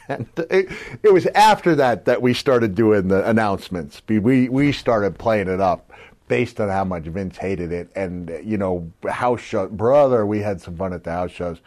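A man's voice: lowish voice, a little mellow. A middle-aged man co-hosting a podcast, telling old stories in casual chat and laughing often as he goes. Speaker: podcast co-host, former wrestler.

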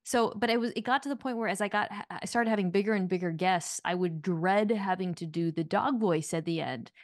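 A woman with a slightly low voice, chatting casually as a podcast guest. She tells her stories with a wry, understated edge. Her mic sound is close and dry, with no room around it. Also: brisk, dry recording. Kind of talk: casual chat.

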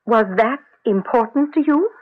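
An actress playing a gentle, earnest young woman who speaks softly and questioningly, in 1940s radio acting style on a lo-fi old radio recording. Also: a little high, animated, moderate pace, natural voice. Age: young adult.

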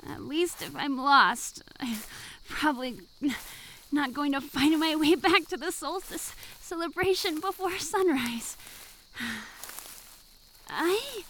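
A sulky young swan maiden from a fantasy audio drama, played by a woman, sighing and brooding. The voice sits high and swings widely, but the delivery is slow and heavy. Soft music plays underneath. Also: lively intonation, slight background noise, heavily acted. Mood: wondering. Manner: sulky, sighing, prone to frustrated outbursts. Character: gloomy young swan maiden who resents their fate.

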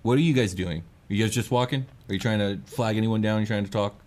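Deep-voiced man narrating as game master. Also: fast talker, darkish tone. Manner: descriptive narration with fillers.

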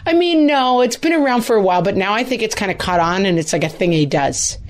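A woman in her forties co-hosting a podcast, telling stories in a playful, animated way. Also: mid-range voice, fast talker. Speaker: podcast co-host. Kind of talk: casual chat.

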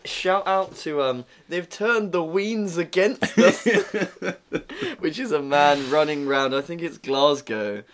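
A man's voice: fairly high pitch, lively intonation, slow pace. A man chatting casually as a podcast co-host, retelling things with laughs. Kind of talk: casual chat.

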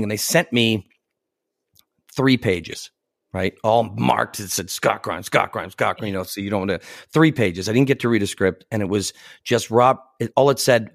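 A man's voice: lowish voice, vocal fry, dry recording. A middle-aged man spins a long anecdote in an easy, chatty way. He laughs often and slips into the voices of the people he quotes. The sound is close and dry, with no room around it. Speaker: actor guest. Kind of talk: casual anecdotal storytelling.

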